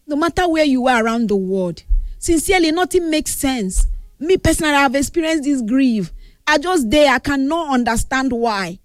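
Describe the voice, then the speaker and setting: A woman's voice: high voice, expressive, moderate pace, dry recording, studio quality. A grieving woman with a Nigerian accent gives an earnest tribute, mixing English with Pidgin. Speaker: grieving friend giving a tribute. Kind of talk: emotional spoken tribute.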